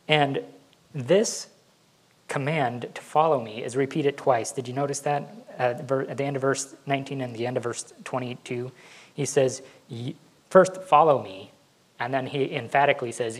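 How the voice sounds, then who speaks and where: A man's voice: mid-range voice, normal speed, low-quality recording. A male pastor giving a conversational sermon, laughing now and then and acting out what his kids say. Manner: conversational, laughs often, acts out kids' voices.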